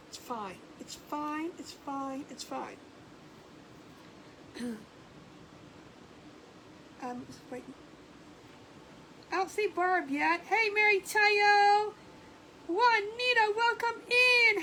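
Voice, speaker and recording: A woman's voice: extremely high pitch, bright, forceful tone, slight background noise, rough recording. A woman hosting a casual craft livestream, chatting and greeting viewers by name and laughing often. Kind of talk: casual live-stream chat.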